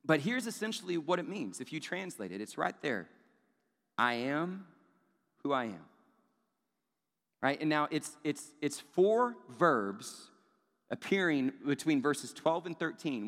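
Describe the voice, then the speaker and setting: A male pastor preaching a sermon, moving from casual asides to loud, emphatic peaks. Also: on the high side, big pitch swings, moderate pace. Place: large church hall. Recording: long hall reverb.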